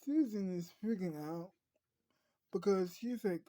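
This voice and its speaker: A woman's voice: mid-range voice, takes it slowly, dark tone, no room sound, rough recording. A woman telling an improvised story in a rambling way, often restarting and correcting herself.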